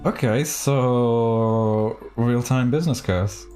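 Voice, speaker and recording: A man's voice: medium pitch, slow, mellow. A man streaming a video game, chatting casually and playfully, often rambling and stopping himself mid-thought. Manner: playful, rambling and self-interrupting. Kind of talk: casual live-stream commentary. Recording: faint game music behind.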